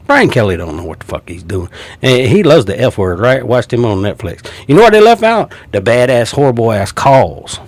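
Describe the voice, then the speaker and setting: A man in his fifties with a drawl delivers a heated, mocking sports rant. His pitch leaps and dips with every jab. The sound is dry and close, with no room around it. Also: sing-song, normal speed, dry recording. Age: 50s. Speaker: sports commentator. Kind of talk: ranting sports commentary.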